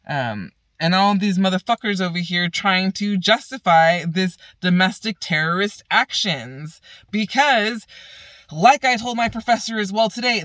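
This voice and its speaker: A woman's voice: medium pitch, a bit bright, no room sound. A woman vlogging outdoors as a law student, ranting in exasperation with heavy profanity and repeated emphasis. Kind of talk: ranting vlog. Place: outdoors, by a path.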